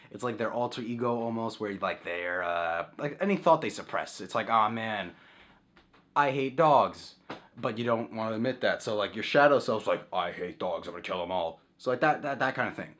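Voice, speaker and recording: A man's voice: medium pitch, fairly bright tone. A young man vlogging casually at home, rambling and sidetracking, swearing often and acting out sound effects.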